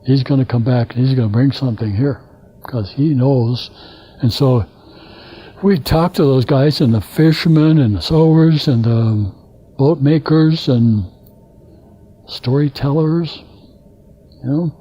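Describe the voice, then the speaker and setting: An older man from Alaska giving a guest lecture, telling stories in a halting, rambling way and acting out the dialogue he quotes. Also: medium pitch, warm tone, husky. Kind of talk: anecdotal storytelling lecture. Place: lecture hall. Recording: dull lo-fi lecture recording.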